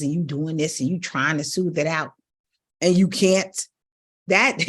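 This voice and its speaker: A middle-aged woman coaches her viewers on the voice in an emphatic, direct way. Her tone is husky and a little breathy. She stresses her points by jumping sharply higher in pitch. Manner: emphatic, addresses audience directly with big pitch leaps. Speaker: vocal coach. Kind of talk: coaching talk to camera.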